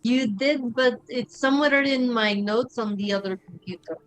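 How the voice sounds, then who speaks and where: A woman's voice: a little high, steady tone, moderate pace, crowd noise, rough recording. A woman player chatting casually at a tabletop game, a bit scattered as she looks through her notes.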